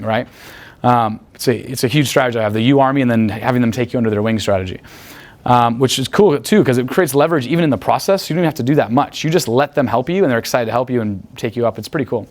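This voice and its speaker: A man's voice: medium pitch, expressive. A man coaching a live group in a room, talking in a chatty, profane way and tagging many points with "right?". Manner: rapid, profane, chatty, asks "right?" often. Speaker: dating coach. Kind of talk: live seminar talk.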